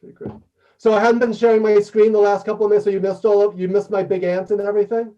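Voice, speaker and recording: Fast-talking man on a muffled call. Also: high voice, level tone, warm tone. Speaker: workshop presenter; professor and trainer. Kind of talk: webinar presentation and Q&A. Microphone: video call. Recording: dull distant video-call audio.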